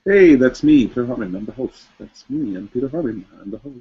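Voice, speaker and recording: A man's voice: medium pitch, fast talker, breathy edge. A male host chatting casually and rambling with lots of fillers while setting up a live online show. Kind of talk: casual livestream chat. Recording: dull lo-fi stream audio.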